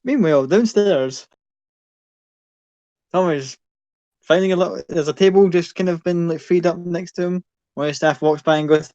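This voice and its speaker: A man's voice: fairly high pitch, normal speed, long pauses, darkish tone, no echo, dull audio. A man narrating as game master in a casual, rambling way.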